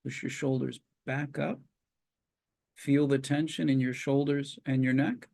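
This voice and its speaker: Calm man guiding muscle relaxation. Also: medium pitch, gravelly. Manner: slow, calm step-by-step cues with long pauses. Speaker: psychologist leading a webinar. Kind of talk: guided muscle relaxation instruction.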